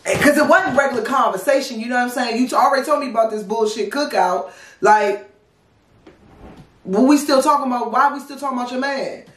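A woman in her thirties with a DC-area accent, telling a casual storytime in a blunt, profane, animated way and acting out the dialogue. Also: a little high, a little fast. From Washington DC area. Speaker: vlogger. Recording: roomy, mic at a distance.

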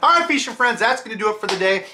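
A man with a bright, forward voice narrates a casual cooking vlog from his home kitchen. He keeps it loose and joking, talking his way through each step as he works at the stove. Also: sits high, expressive, racing. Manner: loose, joking, talks while he cooks. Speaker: fishing channel host.

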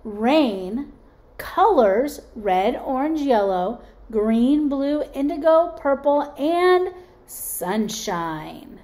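A woman voicing a gentle, wise mother rabbit in a storybook read-aloud, speaking reassuringly. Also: high-pitched, sing-song, very slow, heavily acted.

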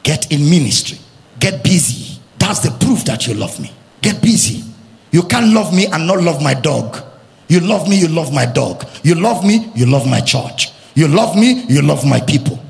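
A male pastor with a Nigerian accent preaching an impassioned sermon, shouting and chanting at the peaks. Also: on the high side, sing-song, normal speed, gravelly. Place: church hall. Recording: music and long reverb of a big hall.

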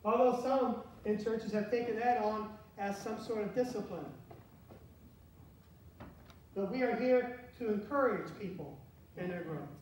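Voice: mid-range voice, a little slow, long pauses, a little mellow. A pastor giving a conversational sermon, asking the congregation questions as he goes. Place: church sanctuary. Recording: very echoey church from far off, faint hiss.

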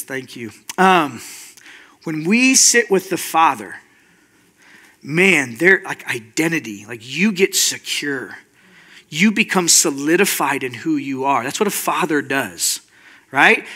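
A male pastor with a high-pitched, bright, forceful voice delivers a conversational sermon. He's informal and earnest, frequently checking in with listeners by asking "right?"

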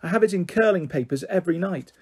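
A man playing a prim, well-bred young girl who pleads anxiously, husky-voiced. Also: high-pitched, lively intonation, fast talker, darkish tone.

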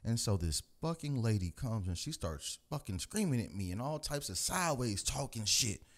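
A man from the United States, hosting his own channel, telling a story in a loud, animated, profane rant. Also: moderate pace. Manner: animated and profane, mimics people in higher voices. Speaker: host of a commentary channel.

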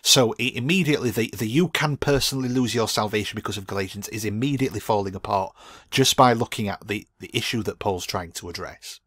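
A fast-talking man with a low, husky, fairly bright voice is recorded without any room sound. His Christian video monologue pushes back emphatically on a preacher's teaching with scripture, stumbling into frequent restarts and repeated words.

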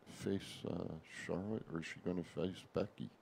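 Very deep, gravelly man chatting. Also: steady tone, moderate pace, a little mellow. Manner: blunt, hesitant with uh. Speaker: podcast co-host. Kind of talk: casual wrestling chat.

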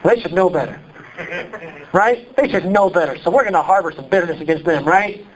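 A pastor from Iowa with a Midwestern accent, preaching a sermon in an animated, conversational way full of rhetorical questions. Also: male voice, high voice, brisk, muffled recording. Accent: Midwestern American.

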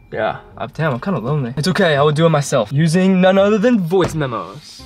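A man's voice: a little high, quick pace. Chatty young man vlogging with music behind. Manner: chatty, self-mocking and excitable. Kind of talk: casual prank vlog narration. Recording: faint background music.

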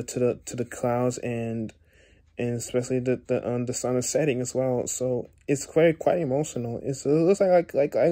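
Tearful young man, very dark tone. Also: medium pitch. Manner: halting, many repeated words and restarts. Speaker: YouTuber. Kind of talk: emotional vlog talk to viewers.

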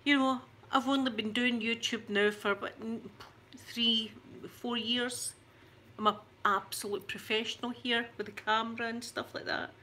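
A woman's voice: on the high side, fairly even intonation, a little slow, sharp tone, a little hiss or hum. A woman in her forties with a thick Scottish accent, chatting to her camera in a rambling, self-mocking way. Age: 40s. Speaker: YouTuber.

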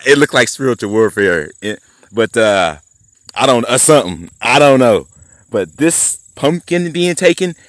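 A man's voice: fairly low pitch, a bit bright, no echo, clean studio sound. A man vlogging outdoors by a garden plot, rambling, swearing and laughing as he taunts someone. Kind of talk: rambling outdoor vlog rant.

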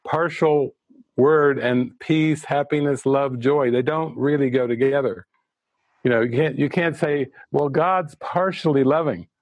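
A man leads a spiritual retreat in an earnest, reflective voice of ordinary pitch. He slows down to lean on key words, and his voice sounds close and dry. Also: a little mellow, no room sound. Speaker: spiritual teacher. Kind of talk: retreat talk on spiritual teachings.

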